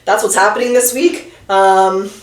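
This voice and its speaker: A woman's voice: mid-range voice, brisk, reverberant. Chatty woman giving a tarot reading. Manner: chatty, talks straight to the viewer, trailing off and restarting. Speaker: tarot reader.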